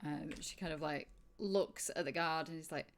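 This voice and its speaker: A woman narrating as game master for a tabletop game. Her voice sits a little low. She tells it casually, hedging with "kind of, like". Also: fairly even intonation, moderate pace.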